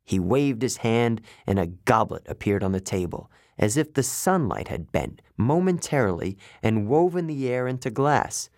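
A man reading a first-person story aloud as an audiobook narrator, steady and matter-of-fact. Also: mid-range voice, moderate pace, hardly any pauses, no room sound, studio quality.

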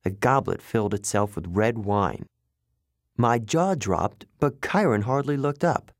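A man reading a first-person story aloud as an audiobook narrator, steady and matter-of-fact. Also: lowish voice, measured pace, dry recording, studio quality.

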